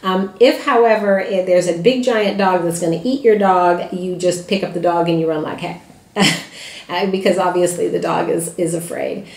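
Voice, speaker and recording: Talking informally to puppy owners, this woman who trains and breeds dogs offers straightforward advice, often restarting and saying "uh." Her lowish voice is gravelly and a little mellow, with fairly even intonation at normal speed, and the sound is reverberant.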